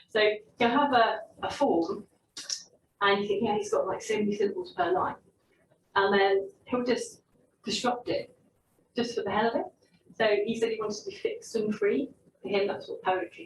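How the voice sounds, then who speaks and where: A young woman presents her literary essay, reading steadily and breaking off into wry, self-interrupting asides. Her voice sits at a middle pitch and carries a roomy echo, with the mic set some distance away. A faint hum of ambience runs underneath. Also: normal speed.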